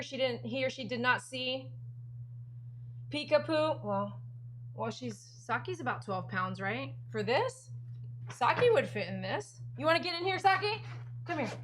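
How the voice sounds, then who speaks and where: A woman's voice: high-pitched, expressive, measured pace, a bit bright, a little hiss or hum. Chatty woman selling on a live stream. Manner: chatty, talks to her dogs and viewers. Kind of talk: casual live auction chat. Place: at home.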